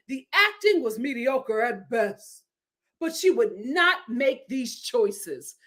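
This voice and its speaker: High-voiced sassy woman vlogger. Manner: animated, sassy, laughs often. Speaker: vlog host reviewing a reality show. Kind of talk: casual review commentary.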